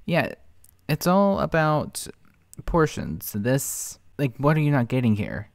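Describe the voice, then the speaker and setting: Reaction host, man, sarcastic and blunt, mid-pitched, dry close sound. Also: sing-song, slow, creaky, no echo. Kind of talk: reaction commentary.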